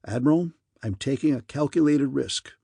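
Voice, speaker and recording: A man's voice: mid-range voice, normal speed, creaky, dark tone, breathy edge, no echo, studio quality. A man voicing a stubborn male mission commander who talks in an urgent, insistent way. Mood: defiant.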